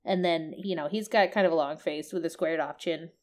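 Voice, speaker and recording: A woman with a deep, slightly mellow voice talks briskly in casual conversation about a video game. She goes on at length about its characters, frequently hunting for words and swearing occasionally.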